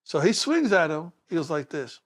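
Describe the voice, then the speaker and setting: A man, a detective telling stories in a relaxed interview. His voice sits high for a man, and he slips into other people's voices as he tells his stories. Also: normal speed. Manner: animated storyteller, acts out other people's voices. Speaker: retired police detective, guest. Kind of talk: casual storytelling interview.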